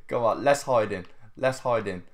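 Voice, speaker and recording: A man with a lowish voice talks at normal speed. He's a gaming video host giving casual gameplay commentary, sounding tired and yawning, chatty, laughing often, and repeatedly addressing his viewers.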